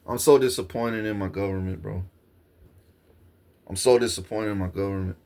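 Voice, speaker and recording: A man's voice: on the low side, steady tone, moderate pace, darkish tone. A man delivering an agitated, profane monologue to his viewers. He circles back over the same points and keeps saying "bro.". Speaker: vlogger. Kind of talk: rambling monologue to camera.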